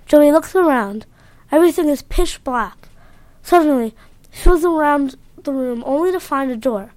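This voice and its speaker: A woman reads a story aloud in a plain, earnest manner. Her voice is high, and the sound is dry and close with no room around it. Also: expressive, moderate pace, darkish tone, no room sound.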